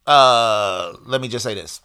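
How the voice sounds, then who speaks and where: A man's voice: medium pitch, a little slow, bright, forceful tone, smooth. A man in a casual podcast chat, laid-back and rambling, dropping lots of "you know"s and casual swearing. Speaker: podcast co-host.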